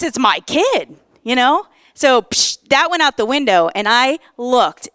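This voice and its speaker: Woman pastor in her 40s, lively storytelling sermon, smooth clear voice, dry sound. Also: a little high, dry recording. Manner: lively storytelling, animated emphasis. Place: church.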